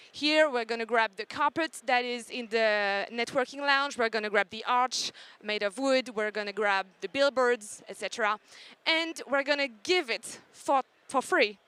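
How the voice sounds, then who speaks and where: Female pitcher, higher voice, bright and crisp, upbeat with fillers. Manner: fluent, upbeat, frequent fillers. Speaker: startup team member pitching. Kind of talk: conference pitch. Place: conference stage.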